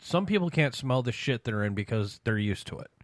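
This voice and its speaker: A man from the American Midwest in a casual podcast chat, cracking quick jokes. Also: medium pitch, expressive, no echo, studio quality. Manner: joking, quick quips.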